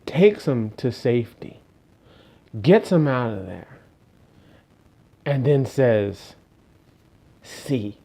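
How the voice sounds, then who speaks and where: A man preaching a storytelling sermon, dramatic, slowing down and dropping to a hush for emphasis. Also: mid-range voice.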